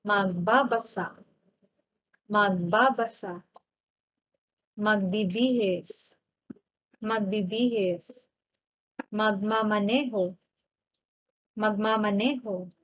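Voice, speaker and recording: A woman's voice: medium pitch, a bit bright, highs cut off. A woman teaching a grammar lesson, patiently repeating each word twice. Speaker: language teacher. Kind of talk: grammar lesson with slow drilled repetition.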